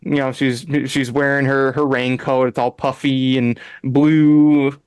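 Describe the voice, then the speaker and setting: A man's voice: medium pitch, unhurried, clear, resonant tone, no room sound. A man hosting a podcast, animatedly retelling an episode with frequent laughs and restarts. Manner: animated, acts out characters' lines in voices; laughs often, restarts sentences. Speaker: podcast host. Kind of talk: casual chat, retelling an episode.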